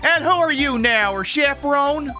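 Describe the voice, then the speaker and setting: A woman voicing a brash Southern country woman photographer with a loud, scolding drawl. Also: high-pitched, lively intonation, moderate pace, faint music behind, pitched above the performer's own voice. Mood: mocking. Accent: American Southern. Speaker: streamer voicing game characters.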